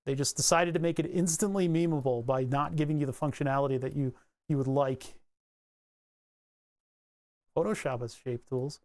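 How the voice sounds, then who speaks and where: A man giving a casual electronics tutorial, thinking aloud as he traces a circuit board, rambling and joking and grumbling wryly about his software. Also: on the high side. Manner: rambling, joking, mutters while drawing. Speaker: electronics hobbyist explaining circuit tracing.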